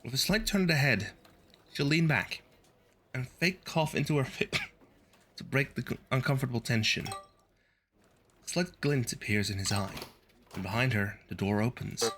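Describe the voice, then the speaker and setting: A man's voice: mid-range voice, unhurried, pauses often, fairly bright tone, slight background noise. A male streamer reading a video game's story text aloud and adding wry, sardonic asides.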